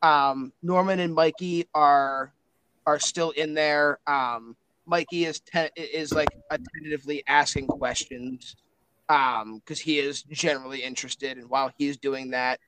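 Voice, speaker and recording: A man's voice: fairly high pitch, fairly even intonation, measured pace, a bit bright, slight background noise, low-quality recording. A man narrating as game master in a loose, joking way. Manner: loose, filler-heavy, joking.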